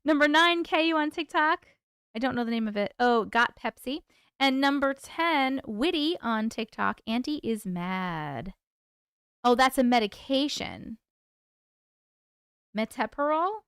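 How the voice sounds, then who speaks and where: A woman's voice: high-pitched, animated, unhurried, fairly bright tone, clean tone, dry recording, studio quality. A woman hosting a casual livestream, chatting with viewers, laughing often and stumbling over hard words. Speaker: livestream host reading viewer stories.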